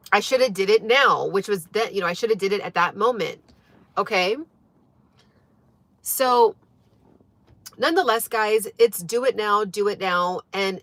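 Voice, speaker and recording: A woman's voice: mid-range voice, a bit bright, dry recording. Earnest woman, dry close sound. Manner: earnest, emphatic, filler-heavy, often asks "right?". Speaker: wellness channel host. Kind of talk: casual livestream talk to viewers.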